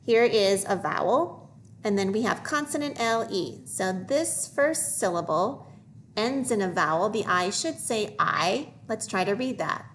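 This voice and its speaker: A woman teacher leading a phonics lesson for young children, modeling each word slowly and clearly. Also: mid-range voice, expressive, fairly bright tone, slight background noise. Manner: slow, deliberate modeling of words for young learners.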